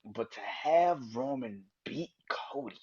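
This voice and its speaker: A man hosting his own podcast, ranting angrily and swearing, jumping from loud outbursts to low mutters. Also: lively intonation, takes it slowly, breathy edge. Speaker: podcast host. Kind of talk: casual solo podcast rant. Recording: dull lo-fi sound.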